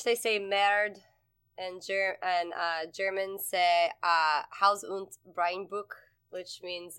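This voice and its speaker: A woman's voice: medium pitch, fairly bright tone, clean tone. A young woman co-hosting a casual podcast chat, rambling and swearing freely with frequent laughs. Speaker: podcast co-host.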